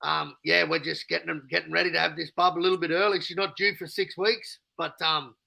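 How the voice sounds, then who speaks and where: A laid-back Australian man on a casual live chat. His voice sits high, with a gravelly rasp and a very bright, sharp edge. He keeps it easy and friendly, calling everyone bro. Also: level tone, brisk, no room sound, rough recording. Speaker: panel guest.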